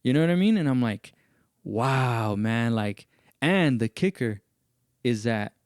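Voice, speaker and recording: A man hosting a podcast, telling a story in casual chat and acting out what other people said in raised, animated voices. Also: mid-range voice, a little slow, dry recording, studio quality. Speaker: podcast host.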